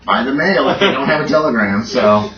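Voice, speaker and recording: A man's voice: medium pitch, expressive, a little fast, recorded from a distance, over music. A man running a tabletop game as game master, talking in a loose, easy way. The recording is dull and roomy, and it sounds like the mic sits some way off. Faint noise hums underneath. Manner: loose, casual descriptions with frequent ums and laughs.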